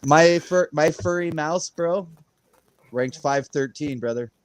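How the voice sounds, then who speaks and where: Speaking slowly in a smooth, slightly high voice, a guest on a crypto livestream rambles through a casual story. He laughs frequently and plays out the voices of those he quotes.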